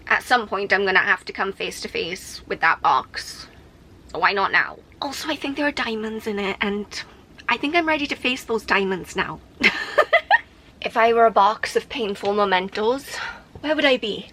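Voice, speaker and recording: A woman's voice: on the high side, sharp tone, a little hiss or hum, low-quality recording. A young adult woman talking candidly to camera in her attic, rambling and emotional, with frequent restarts. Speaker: vlogger. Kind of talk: casual talk to camera. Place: home attic.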